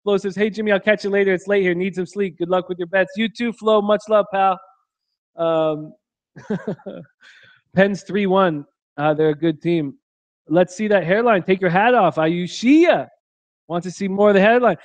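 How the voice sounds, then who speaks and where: A man's voice: high-pitched, moderate pace, dry recording. A man hosting a live sports betting stream from a hotel room, reading viewer chat aloud in a crude, joking way and laughing often. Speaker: sports betting show host.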